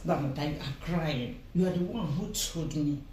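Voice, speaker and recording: A woman, chatting casually as a friend, questioning and gently teasing. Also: sits low, normal speed, a little hiss or hum. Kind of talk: casual chat. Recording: roomy echo, voice from a distance, faint background.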